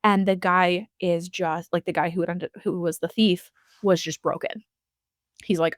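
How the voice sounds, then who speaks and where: A woman's voice: lowish voice, fairly even intonation, moderate pace, no room sound. A woman co-hosting a casual podcast, telling long stories and acting out the people in them. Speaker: podcast co-host.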